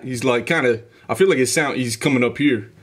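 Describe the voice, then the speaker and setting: A man with a medium-pitched, slightly rough voice speaks briskly while hosting a music reaction video. He talks casually and with enthusiasm, breaking down the rhythm and delivery aloud as music plays behind him.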